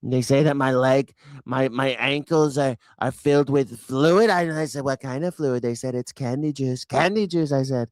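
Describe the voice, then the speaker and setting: A man's voice: medium pitch, a little mellow, no room sound, studio quality, natural voice. A man putting on the voice of a confused, boastful old man who rambles and repeats himself.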